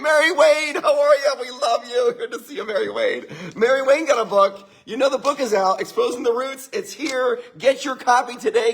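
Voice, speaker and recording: A man, hoarse from losing his voice, giving an upbeat motivational talk as host at a winery. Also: sits high, fairly bright tone. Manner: enthusiastic, addresses listeners as guys. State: hoarse, voice partly lost.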